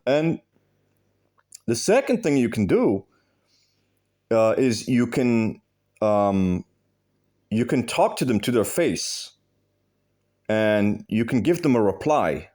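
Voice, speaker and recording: A video host gives blunt, emphatic advice in a direct monologue, swearing freely and repeating phrases for stress. His medium-pitched, darkish voice moves in a sing-song way, slowly and with long pauses.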